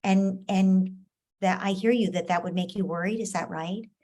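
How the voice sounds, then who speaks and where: A woman's voice: medium pitch, fairly even intonation, normal speed. Woman coaching a parent, acting out dialogue. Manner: gentle, acts out child and parent lines.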